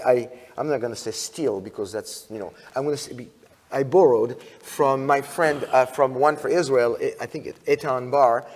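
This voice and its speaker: A man giving a conference talk in a church, telling stories with lively restarts and questions to the audience. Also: on the high side. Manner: animated storyteller, frequent restarts, asks audience questions. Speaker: conference speaker. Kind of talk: sermon-style conference talk. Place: church sanctuary. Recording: long hall reverb.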